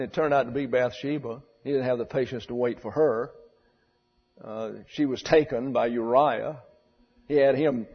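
A man's voice: medium pitch, fairly even intonation, normal speed, breathy edge. Blunt, wry preacher man in a church. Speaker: pastor. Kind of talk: sermon. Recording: dull echoey church recording.

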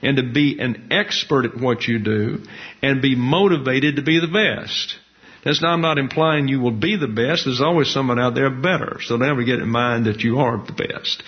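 Man preaching over lo-fi audio. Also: mid-range voice. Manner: measured, folksy teaching with colloquial asides. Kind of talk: sermon. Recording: dull lo-fi recording.

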